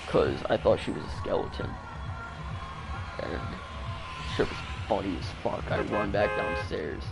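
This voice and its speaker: A man's voice: on the low side, measured pace, over music. A man telling a story in a casual, rambling way, swearing a lot and using plenty of fillers. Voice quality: creaky. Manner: rambling, profane, full of fillers.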